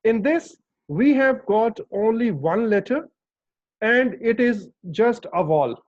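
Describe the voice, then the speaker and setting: A man's voice: sits high, expressive, slow pace, no echo. A man teaching English pronunciation in an online lesson, patiently repeating words and checking that his students follow. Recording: dull lo-fi dry sound.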